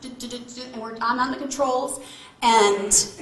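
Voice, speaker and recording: A woman motivational speaker telling a story to a live audience on a stage mic, animated and asking the crowd questions. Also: fairly high pitch, takes it slowly. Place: large event hall. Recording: echoey hall with faint noise. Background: audience responses.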